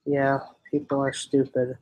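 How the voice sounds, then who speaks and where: A man's voice: mid-range voice, completely flat delivery, a little slow, darkish tone, rough recording. A young man hosting a casual livestream chat, rambling and giggly, often restarting his sentences. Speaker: livestream host.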